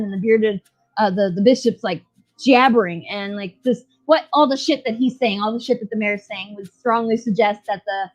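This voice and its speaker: A woman's voice: mid-range voice, normal speed, low-quality recording. A woman co-hosting a podcast, recapping a show in a casual, profane, rambling way full of fillers. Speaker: podcast co-host.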